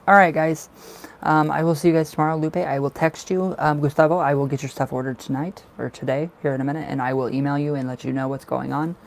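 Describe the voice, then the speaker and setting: A man's voice: mid-range voice, vocal fry, darkish tone, a little hiss or hum, low-quality recording. A man hosting a casual tarot livestream, chatty and laughing often as he talks to viewers.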